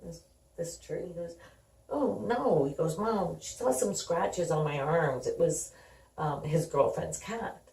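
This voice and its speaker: Her voice low, darkish, and a little slow, a middle-aged mother shares personal family stories as a guest. She talks conversationally, reenacts what people said, and is captured with roomy sound from a distance.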